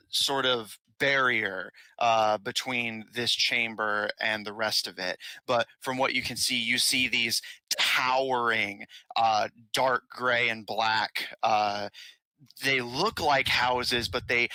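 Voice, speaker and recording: A man narrating as game master of a tabletop game, halting with many fillers. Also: medium pitch, steady tone, sharp tone, no echo, low-quality recording.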